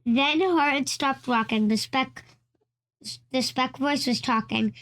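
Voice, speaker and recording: A woman's voice: sits high, slow pace, fairly bright tone. A woman reading a children's storybook aloud, often stumbling and restarting lines. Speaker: storybook reader.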